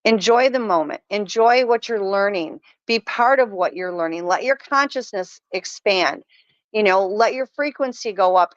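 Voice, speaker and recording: A woman's voice: medium pitch, no echo. A middle-aged woman guest telling stories in a casual chat, earnest and emphatic. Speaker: podcast guest. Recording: dull lo-fi sound.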